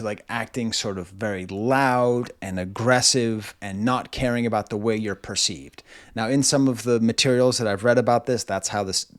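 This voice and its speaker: Guy in his 40s at home rambling thru an album review, mid pitch, lots of like and restarts. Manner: rambling, self-interrupting, lots of "like". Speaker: music reviewer. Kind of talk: casual video album review.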